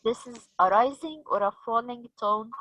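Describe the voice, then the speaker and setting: Egyptian woman teacher trainer, slightly high voice, slow and patient, dry close sound. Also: lively intonation, a bit bright, no room sound, poor audio. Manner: slow, patient, asks the group questions.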